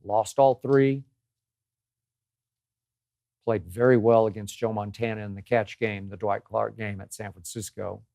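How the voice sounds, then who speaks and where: A man's voice: lowish voice, fairly even intonation, a little slow, gravelly, pauses often, warm tone, dry recording. Emphatic older man with dry sound. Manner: emphatic, repeats phrases for effect, exasperated. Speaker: host. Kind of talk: opinionated sports commentary monologue.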